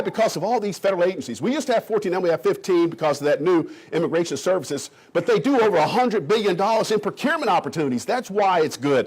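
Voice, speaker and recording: A middle-aged man from Kentucky giving an animated presentation to a room of realtors. He is folksy and emphatic and talks straight to the audience. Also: high-pitched, slightly rough. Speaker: economic development official.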